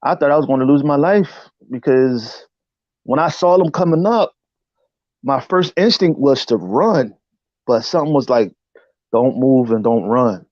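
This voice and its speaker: Interview guest, male, animated storyteller, fairly high voice, dull dry recording. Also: normal speed, dry recording. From United States. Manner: animated, often says "you know what I'm saying"; acts out voices in quotes. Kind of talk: casual spoken storytelling.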